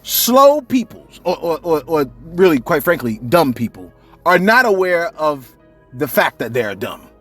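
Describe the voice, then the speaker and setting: A man doing casual, comedic celebrity gossip commentary, rambling and animated, with faint music behind. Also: fairly high pitch, normal speed, slightly rough. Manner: animated, rambling, keeps saying "you know what I'm saying".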